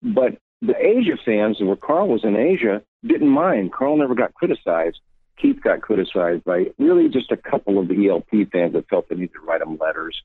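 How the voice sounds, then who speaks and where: A man with a fairly low voice tells his story at length, slipping into the voices of people he quotes. He is heard over a narrow, phone-like line. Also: lively intonation, moderate pace, breathy edge, dry recording. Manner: rambling anecdotal, acts out quotes. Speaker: musician guest. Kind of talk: interview storytelling.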